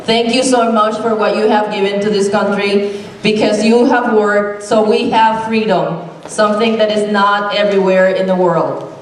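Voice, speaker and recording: A woman's voice: medium pitch, fairly even intonation, moderate pace, a little hiss or hum. A woman hosting a gala, thanking guests effusively and repeatedly. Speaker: gala host. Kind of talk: formal thank-you remarks. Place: large banquet hall. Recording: very echoey hall, far mic, faint crowd.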